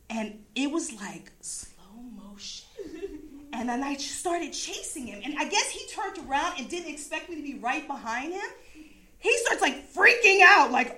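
An East Coast American woman tells a personal story in a loose, lively way, laughing a lot and cursing without restraint. Her voice sits high and her pace is moderate.

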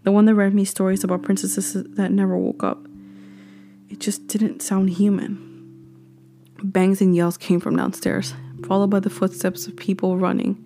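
A woman reading a horror story aloud, slow and hushed, sometimes dropping to a whisper. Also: medium pitch, flat delivery, creaky, soft background music.

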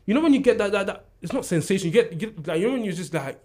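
A young man telling a story in casual chat, animated, acting out what people said and laughing often. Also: sits high, racing. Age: young adult. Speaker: university student.

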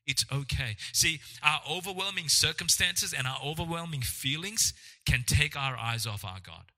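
Guy preaching, bright forceful voice, kinda high, echoey church hall sound. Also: lively intonation, normal speed. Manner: earnest, reassuring, with frequent fillers and restarts. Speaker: pastor. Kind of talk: sermon. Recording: long hall reverb.

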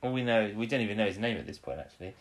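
A man's voice: fairly low pitch, lively intonation, racing. A man co-hosting a casual chat about an episode. He laughs often and acts out the characters' lines. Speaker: podcast co-host.

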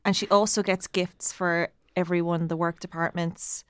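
A woman co-hosting a casual film review chat, measured and analytical. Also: fairly low pitch, little pitch movement, a bit bright, smooth. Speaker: podcast co-host.

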